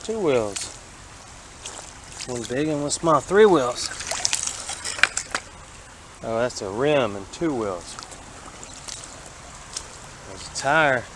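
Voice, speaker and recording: A Southern-accented man chats in a loose, folksy ramble, thinking out loud about each thing he spots. His voice sits at an ordinary pitch for a man. Running water and outdoor sound come through clearly on his handheld camera mic. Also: expressive, drawn-out words, long pauses, background noise. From Alabama. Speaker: vlogger exploring a creek. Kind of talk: casual walking narration. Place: outdoors wading in a city creek.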